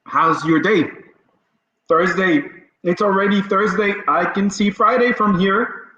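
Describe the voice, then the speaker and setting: Male podcast host, unhurried chatty delivery, echoey room. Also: high-pitched, bright, forceful tone. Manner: chatty and conversational, with repetitions. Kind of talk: casual motivational business talk. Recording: roomy, dull lo-fi sound.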